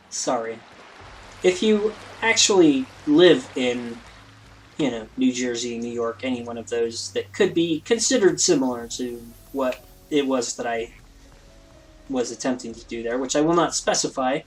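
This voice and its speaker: A man's voice: medium pitch, normal speed, rough recording. Guy rambling thru his let's play, self-deprecating, lots of ums, mid-range voice. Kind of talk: casual gameplay commentary.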